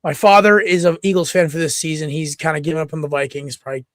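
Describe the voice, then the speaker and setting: A man co-hosting a sports podcast, chatting casually and excitably, rambling with lots of restarts. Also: on the high side, fast talker, dry recording, studio quality. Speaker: podcast co-host.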